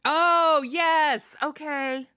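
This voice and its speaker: A woman's voice: high voice, fairly even intonation, drawn-out words, pushed and bright, dry recording, clean studio sound. A woman co-hosting a casual movie podcast, wryly recapping scenes and commenting as she goes. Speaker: podcast co-host. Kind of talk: casual chat.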